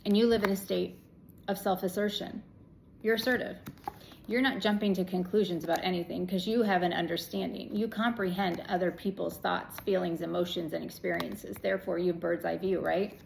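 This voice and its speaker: A woman's voice: on the low side, steady tone, fairly quick, gravelly, darkish tone, a little hiss or hum, low-quality recording. A woman giving a casual, chatty tarot reading to her viewers, affirming and blunt, with an occasional swear. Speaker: tarot reader.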